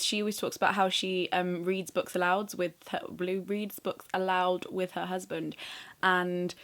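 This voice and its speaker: A young woman in her twenties from England, chatting to camera in a self-mocking way with quick asides. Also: fairly low pitch, fairly bright tone. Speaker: vlogger. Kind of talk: casual chat to camera.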